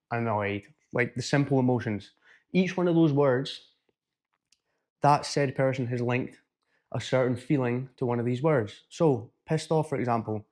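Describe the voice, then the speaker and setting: A man, a coach giving blunt, energetic self-help advice to camera, swearing freely. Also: mid-range voice. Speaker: fitness and mindset coach.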